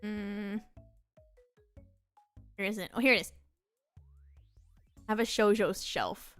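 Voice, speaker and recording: A young woman chatting on a casual stream, excitable and rambling, with many "like"s. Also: mid-range voice, slow, clean tone, faint music behind. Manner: excitable, rambling, heavy use of "like". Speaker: VTuber streamer.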